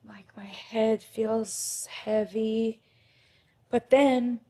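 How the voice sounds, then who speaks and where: A young adult woman speaking as a podcast guest, candid and emotional, acting out her own inner thoughts aloud. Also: medium pitch.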